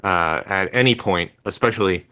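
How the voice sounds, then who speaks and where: Canadian guy, low voice, casual rambling podcast co-host talking from home over a call mic. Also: normal speed, pushed and bright, clear, resonant tone. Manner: rambling, hesitant, lots of fillers. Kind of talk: casual chat. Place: home room.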